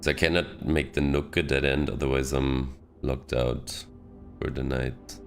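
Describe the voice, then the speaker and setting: A man's voice: a bass voice, flat delivery, unhurried, creaky. A man from Switzerland with a Swiss accent, casually commenting on a game he is playing and thinking aloud in a self-mocking way. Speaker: game streamer. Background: game music.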